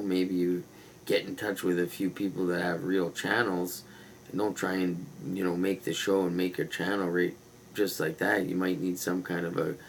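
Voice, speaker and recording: A man's voice: low-pitched, gravelly, a little hiss or hum, poor audio. A man hosting a livestream, rambling in a casual, meandering and conspiratorial way with loose slang. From Canada. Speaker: livestream host.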